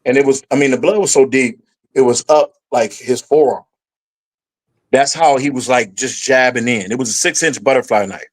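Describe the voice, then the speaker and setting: A middle-aged man with a mid-range voice is a guest on a casual podcast, recounting a long personal story with lively energy at a moderate pace. His voice climbs higher whenever he acts out his younger self, and the audio quality is poor.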